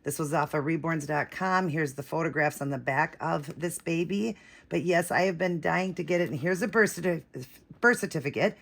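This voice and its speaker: A woman vlogging an unboxing, gushing and breathless, shaky with excitement, repeating herself as she talks to viewers. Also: deep voice, normal speed, vocal fry. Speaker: vlogger unboxing a reborn doll.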